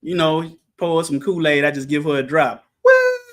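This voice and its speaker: A man leading an animated Bible study, preaching with shouted exclamations and joking asides. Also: fairly high pitch, normal speed. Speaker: Bible teacher.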